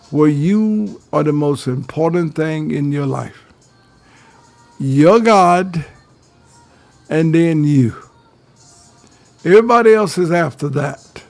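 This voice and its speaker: A man's voice: on the high side, moderate pace, gravelly, soft background music. An older man, giving preachy advice on a talk radio show and calling his listeners fellas. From Georgia, US.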